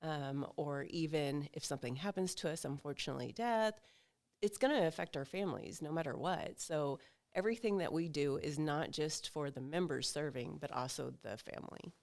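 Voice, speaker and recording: A woman's voice: low-pitched, moderate pace, darkish tone. A woman guest on a podcast, explaining an organization's work in a matter-of-fact way. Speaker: guest, association officer. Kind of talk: casual podcast interview.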